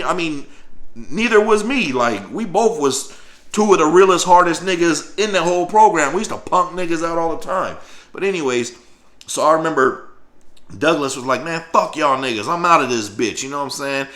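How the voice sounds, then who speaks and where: Dude telling a story, cussing a lot, lively, bright punchy voice, echoey room. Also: male voice, fairly high pitch, fairly quick. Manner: profane, animated, fills with "you know what I'm saying". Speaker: storyteller vlogger. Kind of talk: casual storytelling. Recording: roomy echo.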